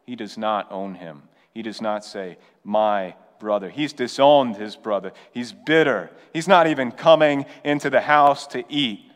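A pastor preaching a sermon in an earnest, conversational way with urgent appeals. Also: male voice, medium pitch, moderate pace, long reverb tail. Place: church.

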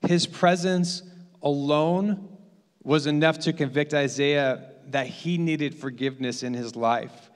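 A man's voice: on the high side, fairly even intonation, slow pace, big-room sound. A man preaching a sermon as pastor, building his points through emphatic repetition.

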